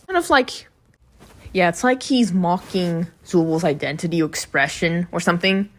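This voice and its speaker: A woman's voice: on the low side, expressive, normal speed. A woman giving a casual, chatty recap of a cartoon episode, with blunt, profane reactions. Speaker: video reviewer.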